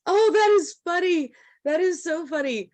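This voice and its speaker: A woman's voice: extremely high pitch, lively intonation, normal speed. A woman hosting a podcast, talking with a guest over a video call in a casual, enthusiastic way and reacting eagerly. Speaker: podcast host. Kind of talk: casual interview chat.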